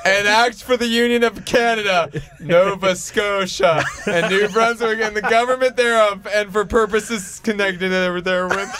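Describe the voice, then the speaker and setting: A man's voice: high voice, fairly even intonation, measured pace, few pauses, music in the background. A man who is a guest on a casual podcast, playful and giggly. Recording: noisy podcast recording.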